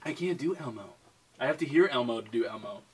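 A young man bantering through a casual accent challenge, teasing his friend. His speech is animated with a mid-range pitch. A faint noise sits in the background. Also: quick pace, far from the mic. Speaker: YouTube co-host.

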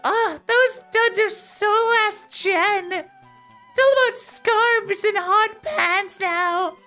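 A woman's voice: very high voice, drawn-out words, pushed and bright, soft background music, full character voice. A woman voicing chirpy female shop and clinic staff in a video game, with a sing-song, prim delivery.

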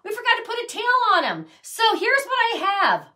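A middle-aged woman with a high voice walks through a craft project in a casual, chatty way. She gushes and dotes on each little piece she makes. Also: huge pitch swings, fairly quick, bright, forceful tone. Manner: gushing, chatty, doting on her crafts. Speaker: craft channel host.

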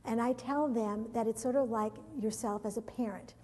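Middle-aged woman, conference presenter, higher voice with a husky edge, lively, laughs often. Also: moderate pace. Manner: lively anecdotes, laughs often, repeats words. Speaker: education conference speaker. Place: large conference hall. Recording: long hall reverb.

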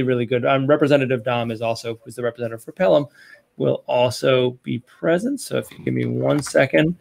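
A man's voice: mid-range voice, vocal fry. A man speaking at a committee meeting over a video call, loose and rambling in a conversational way. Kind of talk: casual meeting remarks.

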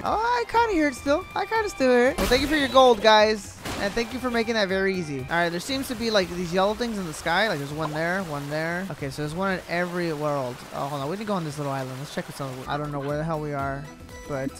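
A young man giving slangy, excitable, trash-talking commentary while playing a video game. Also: high voice, quick pace. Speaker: gaming YouTuber. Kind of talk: gameplay commentary. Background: game music.

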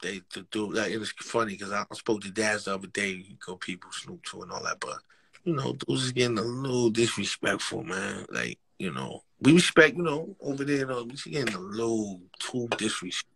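Animated New York man telling stories. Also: fairly low pitch, a little fast, gravelly, husky. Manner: animated street slang, acts out quotes, frequent laughs. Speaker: rapper, interview guest. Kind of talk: casual storytelling interview.

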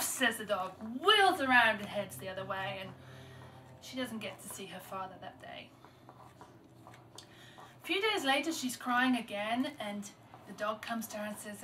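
A woman telling a folktale aloud, unscripted, with small restarts and varying loudness. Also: medium pitch, normal speed. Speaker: storyteller. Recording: distant mic with clear background noise.

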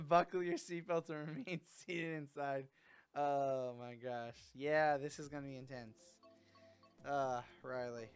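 A man streaming a racing game in casual chat, excitable and teasing, with loud sudden exclamations. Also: on the high side, slow pace, clear, resonant tone, soft background music. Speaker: gaming streamer.

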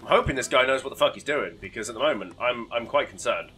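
A man's voice: medium pitch, expressive, fast talker, sharp tone, soft background music. A man giving casual, sweary, rambling commentary while playing a video game, often mocking himself. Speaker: gaming YouTuber.

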